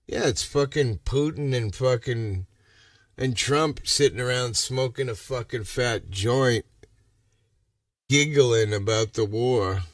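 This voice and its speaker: A man's voice: mid-range voice, slow, no room sound, studio quality, distant mic. A man from Massachusetts chatting on a casual livestream, rambling and ranting with a lot of swearing. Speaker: livestream host.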